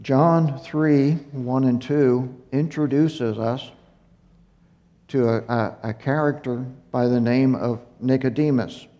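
A man giving a Bible teaching, speaking slowly and haltingly with fillers and self-corrections, a little out of breath. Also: medium pitch, fairly even intonation, mellow. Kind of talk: unhurried Torah teaching. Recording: muffled recording in a reverberant hall.

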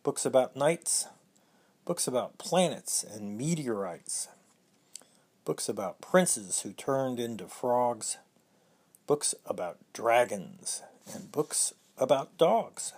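A storyteller reading a rhyming children's picture book aloud in an expressive, sing-song way. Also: mid-range voice, slow, slightly rough.

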